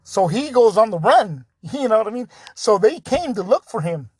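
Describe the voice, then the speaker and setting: High-voiced man telling a story casually. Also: big pitch swings, normal speed, slightly rough, dry recording. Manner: laid-back, peppered with "dude" and "like", laughs often. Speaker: podcast host.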